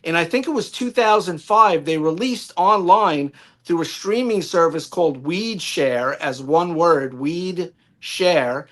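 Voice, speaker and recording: A man with a high voice and a light New York accent gives a prepared album review on a live stream. He reads from his notes in a detailed, enthusiastic way over a home microphone. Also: slow pace, fairly bright tone.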